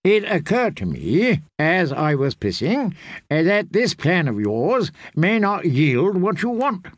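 A man's voice: high-pitched, very animated, slow pace, no echo, voice pushed up, heavily acted. A man voicing a sardonic, arrogant knight. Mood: scornful.

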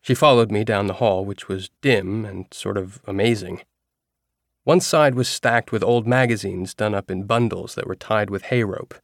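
A man reading a novel aloud as a first-person narrator, in a steady storytelling manner. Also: fairly low pitch, normal speed, gravelly, dry recording, clean studio sound. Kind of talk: audiobook narration.

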